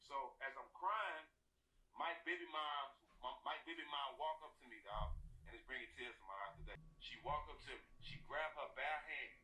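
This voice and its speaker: A man's voice: medium pitch, moderate pace, bright, forceful tone, slight background noise. A man telling a personal story in casual talk, emphatic and repetitive, swearing freely. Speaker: storyteller guest. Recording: echoey, distant room sound.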